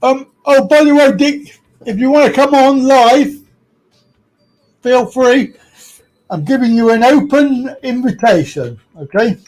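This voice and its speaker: Blunt, high-voiced British man ranting. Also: unhurried, long pauses, darkish tone, low-quality recording. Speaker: live stream host. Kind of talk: casual live chat.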